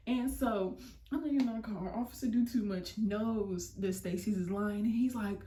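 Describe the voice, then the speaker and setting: A young woman vlogger telling a story, animated and slangy. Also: mid-range voice, normal speed. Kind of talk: storytime vlog. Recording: roomy, mic at a distance.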